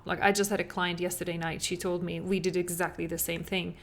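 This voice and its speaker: This time the young adult host sounds lowish and level, moving fairly quickly with few pauses. She's a parenting coach doing solo podcast talk, earnest and casual, with plenty of "like" fillers.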